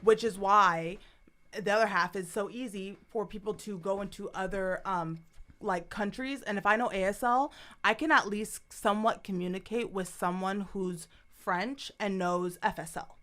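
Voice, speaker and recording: A woman's voice: medium pitch, moderate pace, a bit bright. A young woman guest in casual chat, explaining at length with many "like"s and "um"s. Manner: chatty, explaining with many fillers.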